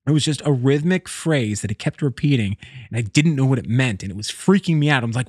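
A man's voice: medium pitch, expressive, fast, a little mellow, slightly rough, no room sound, clean studio sound. A man telling a personal story in a rambling, casual way, often breaking off and laughing. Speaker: vlogger.

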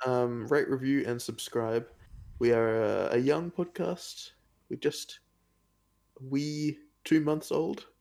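A man's voice: medium pitch, fairly even intonation, slow, gravelly, darkish tone. A young man co-hosting a casual podcast, talking earnestly and fondly about films. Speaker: podcast co-host.

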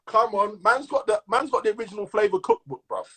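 A man with a London accent co-hosts a casual podcast, full of slang and hype for his listeners. His voice sits fairly high. It has a husky, slightly rough edge. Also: brisk. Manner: animated slang-heavy banter, hyping listeners. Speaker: podcast co-host. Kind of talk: casual chat.

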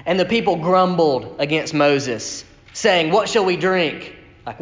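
A man's voice: on the high side, animated, unhurried. A man preaching a sermon in a conversational way, reading scripture aloud and acting out quoted complaints. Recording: echoey hall with long reverb.

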